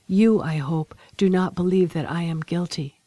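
Meek doomed young woman, gentle and resigned, read by a woman in a dry, mellow audiobook voice. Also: fairly low pitch, moderate pace, no room sound, lightly acted. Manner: tender, pleading, softly grateful.

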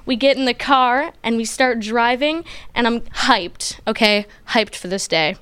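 A young woman telling a personal childhood story in an animated, playful way, acting out what people said. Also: a little high, a little slow, smooth, dry recording. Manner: animated, playful, acts out quotes. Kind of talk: personal story told to a group.

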